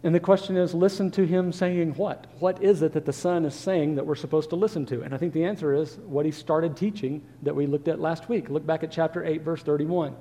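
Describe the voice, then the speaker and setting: A man preaches to his congregation in an earnest way, asking rhetorical questions as he works through the text. His voice sits a little high yet sounds mellow and warm. A long reverb trails each phrase, as if from a church sanctuary. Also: fairly even intonation, fairly quick, hardly any pauses. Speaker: pastor. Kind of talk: sermon.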